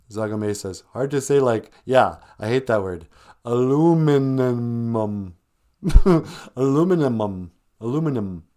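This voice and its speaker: A man's voice: lowish voice, dark tone. A man hosting a live-stream podcast in casual chat, joking and laughing often. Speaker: podcast host.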